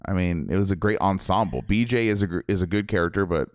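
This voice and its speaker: A man's voice: low voice, quick pace, clear, resonant tone, no room sound, clean studio sound. A young man co-hosting a podcast, chatting casually and animatedly about a video game. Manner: animated, laughing, acts out quoted characters. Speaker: podcast co-host.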